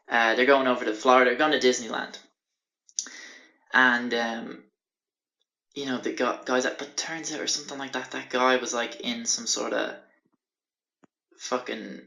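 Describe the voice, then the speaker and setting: A man's voice: medium pitch, sharp tone. A young man in his twenties rambling through a sweary anecdote on his podcast, recorded in a small bathroom on a handheld music player. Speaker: podcast host. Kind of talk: casual anecdote.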